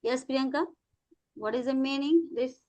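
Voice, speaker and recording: This English teacher's voice sits high with a darkish tone. She speaks Indian English on a video call, blending Hindi into her lessons and slowly stretching out words for her students.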